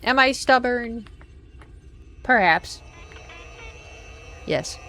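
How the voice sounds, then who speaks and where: A woman's voice: on the high side, drawn-out words, faint music behind. A young woman streaming a game, chatting casually and telling stories, acting out quoted lines with energy. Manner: chatty, animated, acts out quotes. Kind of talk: casual storytelling while gaming.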